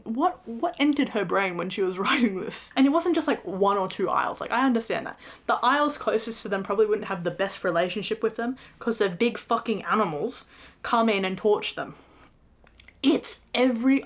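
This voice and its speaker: A young woman reviewing a book in a casual rant, exasperated and sarcastic, swearing freely. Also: medium pitch.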